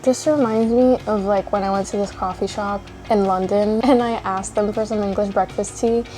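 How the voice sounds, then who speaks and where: A woman's voice: mid-range voice, steady tone, moderate pace, mellow, faint music behind. A woman in her twenties chatting casually at home in a vlog, rambling with lots of likes and little laughs. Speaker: vlogger.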